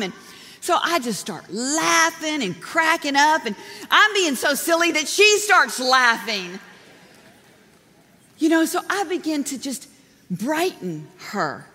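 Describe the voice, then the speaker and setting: A woman delivers a sermon with a high, bright voice and a lively, conversational manner. She laughs easily as she preaches. A long reverb hangs on her voice, as in a large church hall. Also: measured pace, husky. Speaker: pastor.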